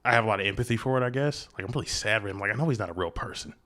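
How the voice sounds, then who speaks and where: A man with a fairly low voice hosts a casual interview. He jokes, rambles, and leans on fillers as he talks. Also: rapid-fire, very noisy. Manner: joking, rambling, frequent fillers. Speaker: host.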